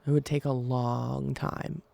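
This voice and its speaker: A young woman rambles through a casual solo podcast, chatty and giggly. Her voice sits low with a gravelly fry and a mellow, dark tone. The sound is dry and close. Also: flat delivery, takes it slowly, dry recording. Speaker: podcast host.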